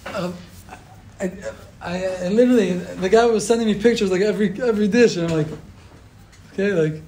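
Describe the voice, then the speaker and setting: A man's voice: sits high, brisk, warm tone, low-quality recording. A man, a rabbi, telling stories in a sermon, acting out the quotes with feeling and mixing in Hebrew terms. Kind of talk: storytelling sermon.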